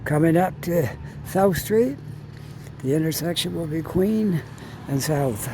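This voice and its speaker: A man strolls along city streets and chats as he goes, in a fairly high voice with a mellow, dark tone. He talks slowly and rambles as he thinks aloud. Faint traffic noise sits behind him. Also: lively intonation, creaky. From Canada. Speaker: walking vlogger. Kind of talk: casual walking narration. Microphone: phone held while walking.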